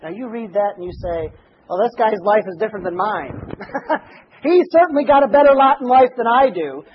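A man with a high voice preaches a sermon, reading scripture aloud and surging into shouts on the phrases he wants to land. Between passages he drops into folksy asides and restarts. The recording is a little dull, with a faint hiss behind him. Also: expressive, moderate pace. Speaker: pastor.

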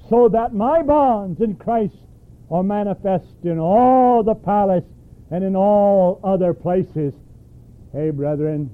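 A man's voice: high voice, narrow, tinny audio. A man preaching a sermon, emphatic and throwing questions at his congregation.

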